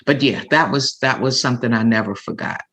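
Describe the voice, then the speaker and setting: An older woman, a guest comedian, telling a story with feeling and acting out other people's words in lively voices. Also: very deep voice, fairly quick. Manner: animated storyteller acting out quotes. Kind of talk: emotional storytelling.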